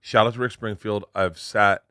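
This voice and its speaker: Male podcast host, low-ish voice, dry studio sound, jokey, rambling chat. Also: steady tone, normal speed, pushed and bright, clear, resonant tone, no room sound. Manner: joking, rambling, restarts a lot. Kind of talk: casual chat.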